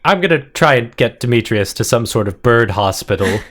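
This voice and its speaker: A man narrating a tabletop role-play as game master, relaxed and wry. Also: mid-range voice, brisk.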